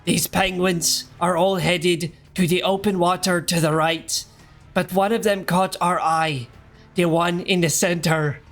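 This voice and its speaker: A hoarse man putting on a German accent to voice a solemn male nature-documentary narrator. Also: sits high, steady tone, unhurried, fairly bright tone, soft background music.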